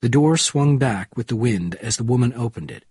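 A man narrating an audiobook chapter in a steady, measured reading. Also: mid-range voice, breathy edge, no echo, clean studio sound.

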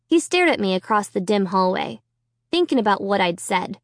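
A woman narrating a children's story in first person, with an expressive, dramatic reading. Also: medium pitch, moderate pace, no room sound, studio quality. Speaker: audiobook narrator.

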